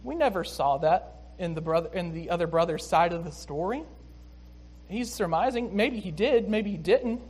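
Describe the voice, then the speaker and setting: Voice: medium pitch, moderate pace, a little mellow, husky. A preacher giving a sermon, explaining a scripture passage in a conversational, emphatic manner.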